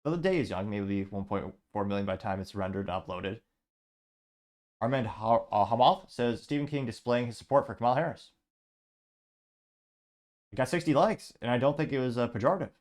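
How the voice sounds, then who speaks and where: A male show host reading out social media comments and tallying their likes, dropping sarcastic asides between them. His voice sits on the low side, and his delivery is wry and casual. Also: lively intonation, a little fast, darkish tone. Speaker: podcast host.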